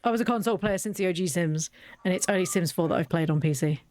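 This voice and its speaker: A woman's voice: lowish voice, fast talker, a little mellow. A young woman giving casual, rambling, self-deprecating commentary as she plays a video game. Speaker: let's play host. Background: faint game music.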